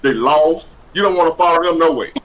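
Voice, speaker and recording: A man's voice: a little high, a little fast, a bit bright, rough recording. Blunt, cussing male livestream host. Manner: blunt, preachy and profane, with heavy slang. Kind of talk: casual livestream chat.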